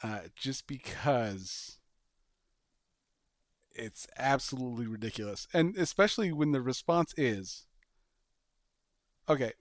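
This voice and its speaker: A man hosting a podcast, chatting casually and pitching a sketch idea with animated storytelling and bursts of laughter. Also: slow, pauses often, no echo, clean studio sound. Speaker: podcast host. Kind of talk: casual chat.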